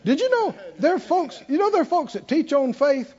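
A man preaching a sermon with animated emphasis, often asking the congregation questions. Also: very high voice, brisk. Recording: dull lo-fi recording.

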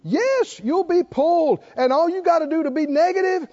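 A man's voice: extremely high pitch, normal speed, a little mellow. An older man preaching a sermon in an emphatic, folksy way with bits of humor, on a slightly dull lo-fi recording. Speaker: pastor.

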